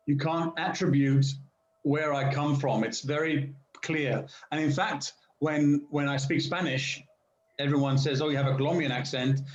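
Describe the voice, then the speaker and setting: An Englishman with a standard southern British accent and a medium-pitched voice is a guest speaker on a language-learning video call. He makes casual conversation slowly and deliberately with many restarts, and the call audio is roomy and muffled.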